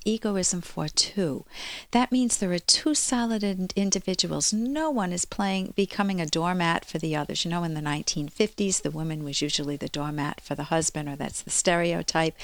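A woman's voice: lowish voice, moderate pace, no room sound. A woman clinical psychologist hosting a call-in radio advice show, talking to listeners in an earnest, explanatory way.

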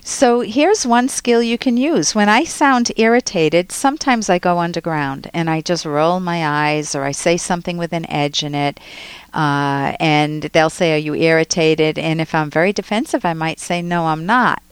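Smooth clear-voiced woman radio advice host. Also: on the low side, normal speed, no echo. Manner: direct, coaching, role-plays examples. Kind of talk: call-in advice.

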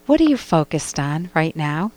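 A woman's voice: deep voice, very animated, normal speed, a little mellow. A woman hosting a radio call-in show as a clinical psychologist, giving direct, emphatic advice with pointed rhetorical questions, on a close studio mic.

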